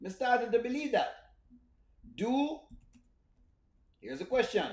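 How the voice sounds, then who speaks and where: A man's voice: very high voice, very animated, unhurried, long pauses. A man with a strong accent hosting a live reaction stream, commenting animatedly on skits, repeating points and greeting his chat. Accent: strong non-standard English accent. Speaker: reaction channel host.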